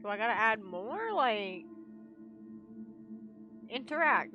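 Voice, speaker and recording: A woman's voice: a little high, slow, long pauses, lo-fi sound. A young woman streaming a horror game, chatting casually, swearing freely and bursting out when frustrated, with game music playing behind her. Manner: blunt, swears freely, excitable outbursts. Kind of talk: casual gaming stream commentary.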